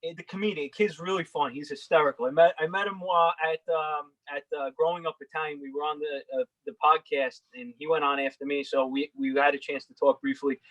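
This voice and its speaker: A man chats on a panel in quick, rambling runs, restarting his sentences. His voice sits a little high, and the sound is dry. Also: fairly even intonation, fairly bright tone, dry recording, highs cut off. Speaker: panel guest. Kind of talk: casual panel chat.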